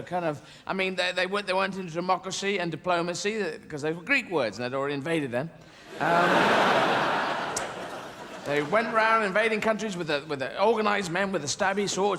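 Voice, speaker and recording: Stand-up guy, lively bouncy voice, rambling and whimsical, big echoey theatre, loud crowd. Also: high voice, brisk. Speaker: stand-up comedian. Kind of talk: stand-up comedy routine. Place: large theatre stage. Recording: live hall with loud audience noise.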